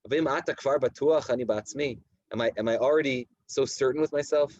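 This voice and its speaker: A man in his thirties, a rabbi giving a Torah lecture to his community, reading Hebrew texts slowly and explaining them in animated, repetitive English. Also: mid-range voice, no echo, muffled recording. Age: 30s. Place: community study hall at night.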